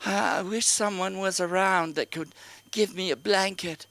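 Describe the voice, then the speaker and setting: Man putting on a whiny old mother in a quavering falsetto. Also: steady tone, moderate pace, creaky, fairly bright tone. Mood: plaintive. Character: frail old mother, whiny and passive-aggressive. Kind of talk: stand-up comedy.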